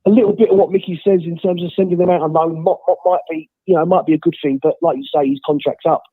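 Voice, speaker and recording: Raspy, high-pitched man on a tinny phone line. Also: fairly even intonation, quick pace, dry recording. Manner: blunt, ranting football opinions. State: unwell. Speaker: caller. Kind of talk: phone-in rant.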